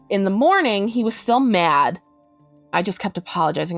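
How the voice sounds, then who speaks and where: A woman recounting a distressing personal story for a podcast, talking quickly and acting out what people said. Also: medium pitch, animated, no room sound, faint music behind. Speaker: interviewee recounting her story.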